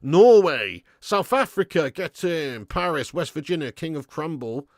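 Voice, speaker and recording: A young man running a live football watch-along, with a slightly high voice in a dry, close sound. He reads out chat in a relaxed way, then flares up into swearing outbursts at the players before sinking back to quiet mutters. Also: a little slow, no room sound. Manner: excitable, swears and shouts at players, then drops to low mutters. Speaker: fan commentator hosting a live watch-along. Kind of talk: casual live-stream match commentary and chat reading.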